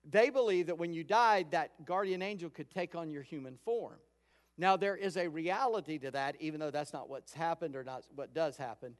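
A pastor giving a sermon in a conversational storytelling way, acting out quoted lines. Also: male voice, on the high side. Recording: long hall reverb.

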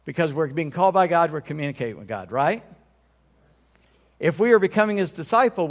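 A man's voice: on the high side, big-room sound. A man pastor preaching a sermon in a conversational way, often checking in with his congregation.

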